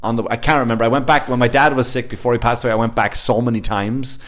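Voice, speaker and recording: A man's voice: medium pitch, quick pace. A man hosting a casual podcast chat, telling stories with lots of swearing and acted-out voices. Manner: animated storyteller, swears freely, acts out voices.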